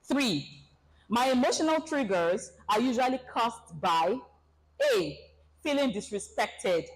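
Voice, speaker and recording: A woman giving a relationship seminar, animated and acting out everyday scenarios for her audience. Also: a little high, unhurried, poor audio. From Nigeria. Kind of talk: presentation talk to an audience.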